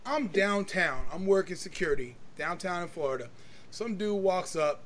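A man's voice: high-pitched, expressive, moderate pace, a bit bright, a little hiss or hum. A man hosting a podcast, chatting casually and telling rambling, profane stories. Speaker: podcast host. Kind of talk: casual chat.

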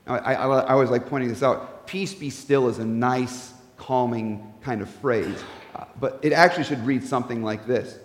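A man preaching a sermon as pastor, earnest, often restarting his words and dropping into soft asides. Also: medium pitch, steady tone, moderate pace, echoey room, in a large hall, a little hiss or hum.

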